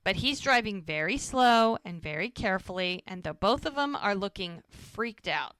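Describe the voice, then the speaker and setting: A woman co-hosting a podcast, recapping a TV episode in a lively, casual way and acting out the characters' lines. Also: medium pitch, normal speed, clear, resonant tone, no room sound. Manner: animated retelling, acting out quoted lines. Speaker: podcast co-host.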